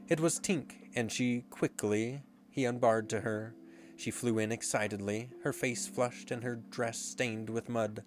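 A man narrating a storybook in a measured, expressive reading. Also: medium pitch. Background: faint guitar music.

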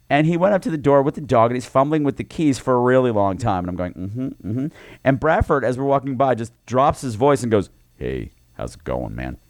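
A man co-hosting a podcast, telling a campy story in a casual, animated way. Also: medium pitch, no room sound, studio quality. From New York. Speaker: podcast co-host. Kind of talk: casual chat.

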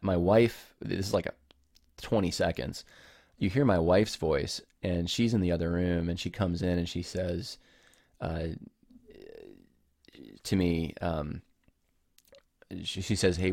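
Deep gravelly man, earnest podcast host. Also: fairly even intonation, slow, pauses often, a little mellow, dry recording, clean studio sound. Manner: earnest, apologetic, rambling with many restarts. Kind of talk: casual podcast monologue. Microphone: home recording setup with camera.

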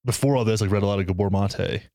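A man's voice: lowish voice, fast talker, warm tone, dry recording, clean studio sound. A young man and new father talking casually and emotionally, swearing as he tells a story. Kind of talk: casual conversation.

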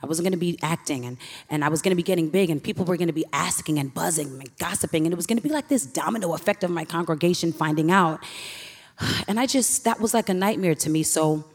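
A woman's voice: deep voice, slightly rough. A young woman from Queens, New York, telling a personal story on stage in an earnest, emotional way with sighs. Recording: reverberant hall.

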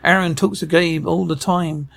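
A man's voice: on the high side, steady tone, normal speed, vocal fry, no echo. An actor voicing an eager male talking dog in a film, who speaks in simple, broken, childlike phrases. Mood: pleading.

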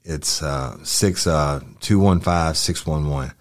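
A man reading aloud the words of a young male witness answering police questions, halting and polite with many fillers. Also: very deep voice, heavily acted. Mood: subdued.

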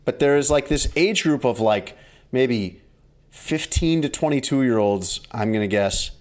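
A male podcast co-host chatting casually and telling everyday stories. His delivery is wry, and he plays up his own quoted lines with exaggerated voices. It sits at a middling pitch for a man. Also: lively intonation, a little slow, a little mellow. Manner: wry storytelling, mock-exaggerated greetings. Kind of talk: casual chat.

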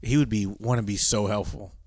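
A man from Texas co-hosting a podcast, chatting in an animated way and asking lots of questions. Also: on the low side, fairly quick, no echo, clean studio sound. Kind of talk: casual chat.

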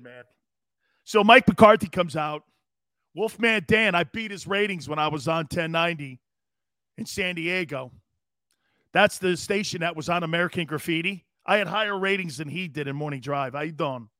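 Brash, rambling sports talk host. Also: male voice, a little high, sharp tone, no room sound, studio quality. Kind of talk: live sports talk monologue.

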